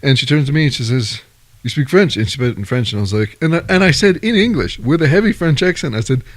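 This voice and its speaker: A man co-hosting a podcast in casual chat, an animated storyteller who laughs a lot. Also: mid-range voice, fast talker. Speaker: podcast co-host.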